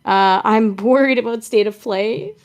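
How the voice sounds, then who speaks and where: A woman's voice: on the high side, unhurried. A woman co-hosting a live-stream podcast who chats in a blunt, laid-back, teasing way. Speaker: podcast co-host. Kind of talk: casual live-stream chat.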